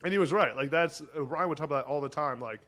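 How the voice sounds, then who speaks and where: A chatty man in his twenties tells stories as a podcast guest, with a voice pitched a little higher than most men's. He talks animatedly and piles on casual fillers. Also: fast, a bit bright. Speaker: podcast guest, former college football player. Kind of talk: casual storytelling chat.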